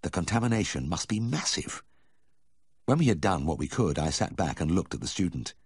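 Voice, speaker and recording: A man reading a memoir aloud as audiobook narration, telling the story in a measured first-person voice. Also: deep voice, animated, husky, dry recording, clean studio sound. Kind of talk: scripted narration.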